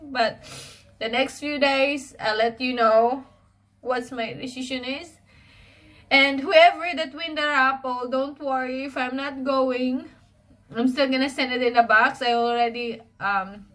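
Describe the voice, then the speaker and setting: Emotional Filipino woman, halting speech. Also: fairly high pitch, a bit bright. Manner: hesitant, halting, many fillers and restarts. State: emotional, close to tears. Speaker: vlogger. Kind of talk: personal video diary.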